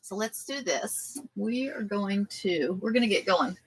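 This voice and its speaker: A woman's voice: medium pitch, animated, a little slow, slight background noise, poor audio. A woman hosting a casual sewing livestream, chatting with viewers by name and talking to her dog between steps.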